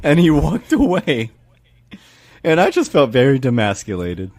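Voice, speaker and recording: A man's voice: mid-range voice, huge pitch swings, unhurried, darkish tone, no room sound. A man co-hosting a casual podcast chat, telling stories in a chatty, laughing way. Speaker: podcast co-host.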